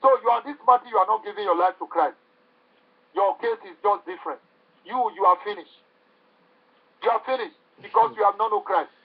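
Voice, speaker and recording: A man's voice: sits high, expressive, fairly quick, creaky, long pauses, breathy edge. A man preaching a sermon with fervent, repetitive exhortation. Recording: tinny phone-like recording.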